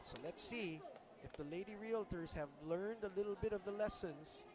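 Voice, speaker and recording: A man calling a volleyball match play by play, quick and excitable. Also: sits high, background noise. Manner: energetic, rapid calls of plays. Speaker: play-by-play commentator. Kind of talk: live volleyball commentary. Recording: loud music over broadcast.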